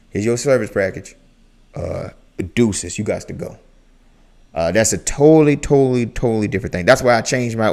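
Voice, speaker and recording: A man hosting a casual reaction chat, talking in an animated, slangy way and often repeating his phrases. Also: lowish voice. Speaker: reaction channel host.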